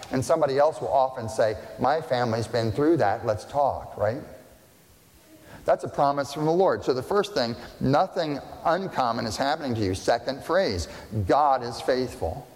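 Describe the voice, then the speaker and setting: Man, pastor, conversational sermon, medium pitch, long hall reverb. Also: darkish tone. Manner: conversational preaching with frequent "right?" checks. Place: church sanctuary.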